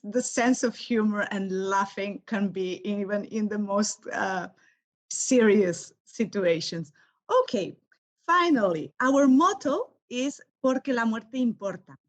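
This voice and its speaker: A woman's voice: on the high side, lively intonation, takes it slowly. A woman interviewer whose first language is Spanish, asking questions hesitantly and searching for words with many fillers. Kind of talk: conversational interview.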